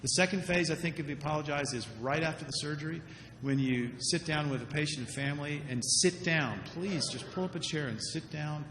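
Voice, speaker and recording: A man's voice: on the high side, fairly quick, hardly any pauses, a bit bright. A man giving a conference talk about surgical mistakes, earnest and repeating words when he stresses a point. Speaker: surgeon giving a lecture. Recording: echoey lecture hall, faint noise.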